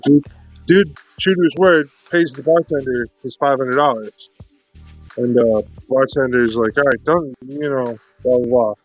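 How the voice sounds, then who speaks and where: A man's voice: medium pitch, husky, dull audio. Profane man telling a joke. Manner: profane, rambling storyteller. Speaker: co-host.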